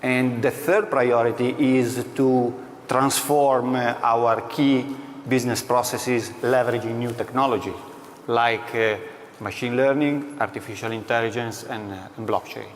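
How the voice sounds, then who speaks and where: A man of ordinary pitch answers interview questions as a company executive, slowly and deliberately with many fillers. The echo of a large hall lingers on his words. A faint background hum sits underneath. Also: fairly even intonation. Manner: measured, with many pauses and fillers.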